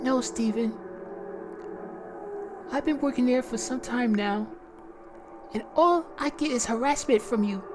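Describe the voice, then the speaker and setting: A man voicing a furious, unhinged woman getting revenge on a coworker, in a shrill shrieking falsetto. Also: a little slow, pauses often, background noise. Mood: accusing.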